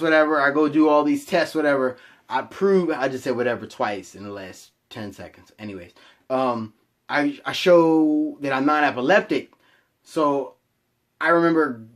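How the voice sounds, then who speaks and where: A man's voice: medium pitch, fairly bright tone. A young man telling a personal story to his camera in a rambling, profane, self-mocking way. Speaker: vlogger.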